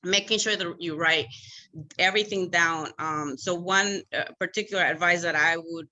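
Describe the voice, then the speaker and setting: A woman's voice: on the low side, fairly even intonation, normal speed, bright, forceful tone, poor audio. A woman consultant on a business panel, explaining practical steps in order. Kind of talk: panel discussion.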